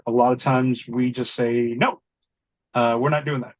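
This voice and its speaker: A man's voice: medium pitch, normal speed, no echo. A man in network support telling a work story in casual chat, swearing freely and acting out what people said. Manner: animated, acts out quoted voices, swears casually.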